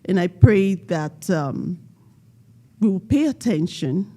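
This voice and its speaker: A woman giving a motivational talk at a community event, quizzing the audience and leading them in call-and-response with slow, emphatic stress on key words. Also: on the low side, expressive, mellow. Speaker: panel speaker.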